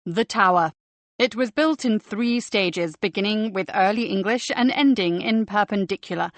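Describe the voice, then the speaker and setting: A fussy male tour guide in an audiobook, drawing out his words with theatrical flourish, as a woman narrator puts him on. His voice is mid-pitched and dry, with no room around it. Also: no echo, lightly acted. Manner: slow, showy tour-guide delivery. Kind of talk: audiobook character voice.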